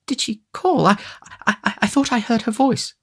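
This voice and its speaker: A man voicing a gentle, tender-hearted young lady in an audiobook, breathless and imploring. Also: high voice, moderate pace, vocal fry, voice pushed up. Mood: anxious.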